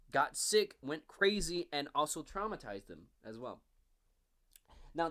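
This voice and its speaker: A man in his twenties giving a casual, animated book review, swearing often and acting out the characters' lines. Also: on the high side. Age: 20s. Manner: animated, profane, frequent "like" fillers, acts out characters.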